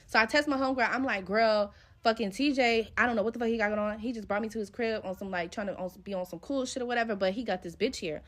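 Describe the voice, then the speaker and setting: A woman's voice: a little high, quick pace, hardly any pauses, fairly bright tone. Young woman telling a profane storytime. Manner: profane, slangy, retells scenes with quoted dialogue. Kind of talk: casual storytime monologue.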